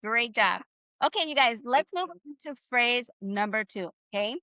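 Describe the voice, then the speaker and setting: Teaching Spanish in a live online lesson, this woman sounds high and bright, with lively intonation. She cheers her students on and slows phrases down so they can repeat them. The recording is dry and close, in the manner of a video call.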